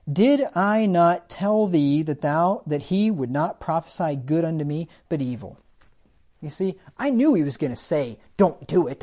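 A man's voice: high-pitched, warm tone. A man preaching a sermon, asking rhetorical questions and acting out the words of the people he describes.

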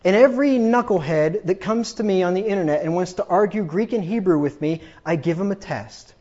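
A man with a high voice preaches a combative sermon and mocks his opponents with sarcasm. He builds to loud, emphatic points. The recording sounds slightly dull and lo-fi. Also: a little fast. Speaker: pastor.

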